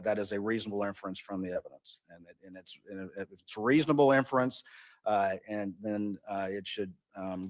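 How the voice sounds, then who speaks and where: A man's voice: lowish voice, a little mellow, dry recording. A man giving an oral argument as an appellate attorney, earnestly building his case point by point in a courtroom.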